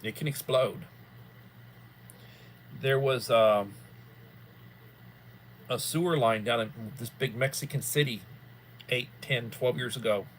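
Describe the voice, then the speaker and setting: A man's voice: medium pitch, takes it slowly, long pauses, a little hiss or hum. A man hosting a livestream in casual chat, rambling in a folksy way and repeating himself. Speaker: livestream host.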